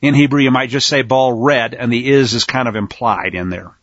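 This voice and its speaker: A man giving a teaching sermon, reading scripture aloud slowly with heavy emphasis and breaking in with casual asides. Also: mid-range voice, steady tone, dry recording, dull audio. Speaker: Bible teacher.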